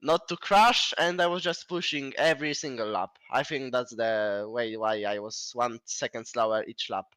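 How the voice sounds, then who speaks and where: A man answering post-race interview questions as the winner, short and modest, slightly halting. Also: medium pitch, bright, forceful tone, smooth, no room sound.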